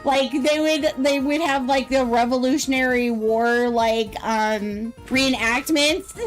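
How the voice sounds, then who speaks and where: A woman's voice: high voice, slow, over music. An American woman streamer chatting casually, rambling and giggling often between her remarks. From United States. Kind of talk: casual live-stream chat.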